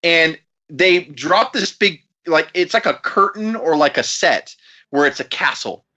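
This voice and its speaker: Animated, profane male podcast host. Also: on the high side, unhurried, lo-fi sound. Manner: profane, laughing, animated retelling. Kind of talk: casual storytelling chat.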